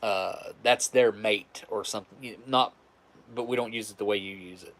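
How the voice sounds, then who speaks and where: A man's voice: lowish voice, steady tone, moderate pace, a bit bright. A man from West Virginia with a West Virginian accent, chatting casually and rambling with restarts on a live stream. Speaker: livestream host.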